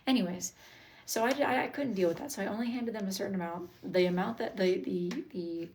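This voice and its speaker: A woman's voice: medium pitch, fairly quick, a little mellow, slight background noise, low-quality recording. A woman chatting casually on a live stream, stressed and blunt, rambling and swearing as she reads comments. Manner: repeats herself, restarts sentences. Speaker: TikTok live streamer, wood-burning artist.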